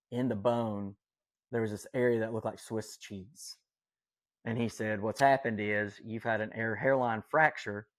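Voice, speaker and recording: A man telling a personal story as a podcast guest, earnest and rambling, with many fillers and self-corrections. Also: lowish voice. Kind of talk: casual storytelling.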